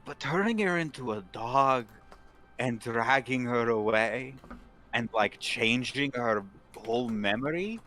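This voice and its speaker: A man's voice: medium pitch, lively intonation, measured pace, sharp tone. A man playing a tabletop game in character, blunt and scolding, with some swearing. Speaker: player. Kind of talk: in-character tabletop role-play.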